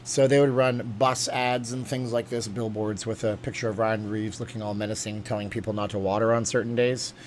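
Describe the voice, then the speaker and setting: A man's voice: lowish voice, level tone, fairly quick, hardly any pauses, slight background noise. A man hosting a casual livestream, reading viewer comments aloud and rambling from topic to topic with lots of fillers. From USA. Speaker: livestream host reading chat.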